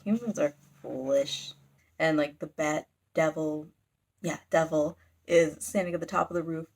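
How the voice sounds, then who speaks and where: A woman's voice: low-pitched, little pitch movement, moderate pace. A woman recapping a manga in a casual, rambling chat, giggling and using lots of fillers. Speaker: manga reviewer.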